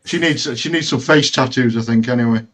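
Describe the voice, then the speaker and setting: A man's voice: mid-range voice, fairly quick, fairly bright tone. A man chatting as a guest on a live stream, swearing and rambling. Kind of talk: casual live-stream chat.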